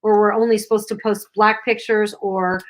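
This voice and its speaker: A woman's voice: mid-range voice, level tone, moderate pace. A middle-aged woman co-hosting a casual livestream, reading viewer comments aloud and chatting with lots of fillers. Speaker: livestream co-host.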